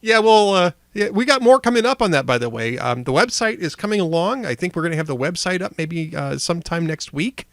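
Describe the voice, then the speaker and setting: A man's voice: high-pitched, animated, a little fast, few pauses. A man with an Upper Midwestern accent hosting a casual political talk show, chatty and jokey, with frequent restarts. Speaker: podcast host.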